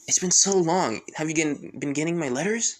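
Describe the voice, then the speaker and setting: The fan narrator voicing an excitable teenage girl ninja who stutters when flustered. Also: medium pitch, brisk, lightly acted. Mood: eager.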